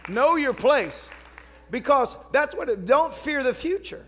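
A man preaching a sermon as pastor, telling stories and rising to shouts. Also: very high voice, sing-song, unhurried, some chatter behind, slight background noise. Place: church service.

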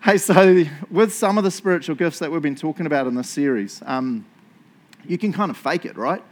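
Give me a middle-aged New Zealand man preaching a casual, joking sermon in a slightly high voice. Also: lively intonation, fairly quick. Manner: casual storytelling with self-mocking humor. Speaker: pastor.

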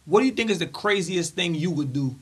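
A man's voice: high voice, expressive, brisk, husky. A man co-hosting a podcast in casual chat, curious and quizzing his friends with questions. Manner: curious, asks the group questions. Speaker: podcast co-host.

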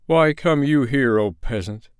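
A man's voice: mid-range voice, measured pace, clean tone, no echo, studio quality, voice pushed up, natural voice. A man reading the part of a grieving mother bear, the wife of a great bear, in a storybook. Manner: sobbing, pleading, then overjoyed.

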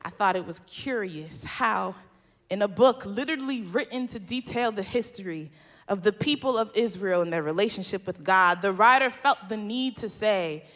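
A woman preaching a sermon, building to impassioned, shouted refrains. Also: medium pitch, lively intonation, moderate pace.

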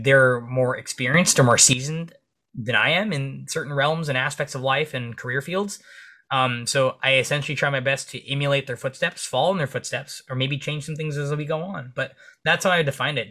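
A man speaking as a police officer and podcast guest. He tells energetic stories in casual interview chat and swears freely. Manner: acts out dialogue in comic high voices.

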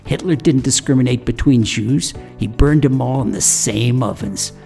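A man voicing his stern, furious father, who hisses a forceful whisper through clenched teeth. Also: mid-range voice, moderate pace, vocal fry, soft background music, natural voice. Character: stern older father, furious but restrained.

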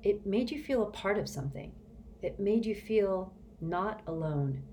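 Her voice mid-range, a woman reads an audiobook with measured, expressive storytelling, and there is slight background noise.

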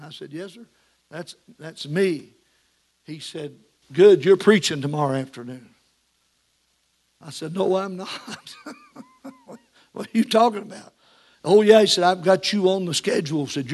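A man preaching a sermon, moving from fervent shouted preaching into quiet folksy storytelling. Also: on the high side, slightly rough.

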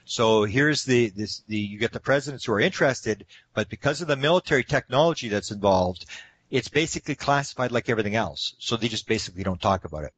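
A man telling anecdotes in a casual interview, animated and acting out the quotes. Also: mid-range voice, fast, breathy edge, no echo. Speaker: guest speaker on UFO topics.

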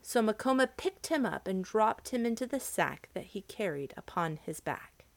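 Female storyteller, animated, dry studio read. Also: mid-range voice, moderate pace, vocal fry, no room sound. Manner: expressive, dramatic reading. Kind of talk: storybook narration.

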